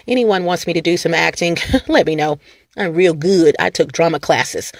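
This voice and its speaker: A woman vlogger talking straight to her viewers in a casual rant, mocking and animated, laughing and repeating lines for emphasis. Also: low-pitched, fairly quick, no room sound, studio quality. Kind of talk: casual ranting monologue to camera.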